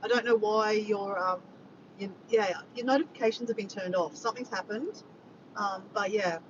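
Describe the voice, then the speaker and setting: A woman with an Australian accent chatting casually on a livestream, rambling and reading out comments from her viewers. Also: normal speed. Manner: rambling, reads out the chat and greets viewers by name. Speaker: vlogger hosting a livestream. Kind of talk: casual live chat with viewers. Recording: dull distant mic with vehicle rumble.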